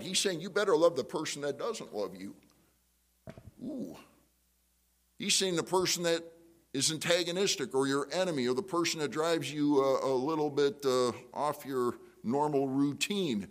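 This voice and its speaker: A middle-aged male pastor preaching a sermon in a conversational way, asking the congregation questions. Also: a little high.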